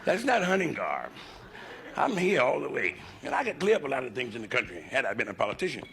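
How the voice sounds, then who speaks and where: A man's voice: mid-range voice, wildly swooping pitch, fast, gravelly, fairly bright tone. A man doing a crude, conversational stand-up routine on a nightclub stage in front of a live audience. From United States. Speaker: stand-up comedian. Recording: live club recording with hiss.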